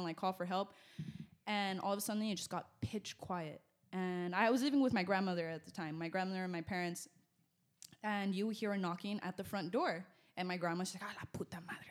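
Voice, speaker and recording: A young woman telling a personal story in casual, animated speech with many fillers, on a close podcast mic. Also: mid-range voice. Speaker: guest. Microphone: podcast mic close to mouth.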